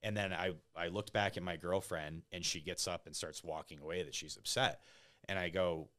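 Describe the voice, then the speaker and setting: A man's voice: low-pitched, steady tone, moderate pace, pushed and bright. A man, a podcast guest, telling personal stories in a casual conversational way, often tagging "like" and "right?" onto his sentences. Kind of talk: casual interview storytelling.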